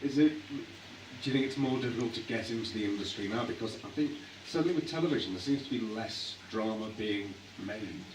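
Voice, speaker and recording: Lowish male interviewer in echoey hall. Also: lively intonation, brisk, few pauses. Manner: prompting, conversational questions. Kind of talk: on-stage interview before a live audience. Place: hall at a public event. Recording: echoey hall from a distance, audible noise.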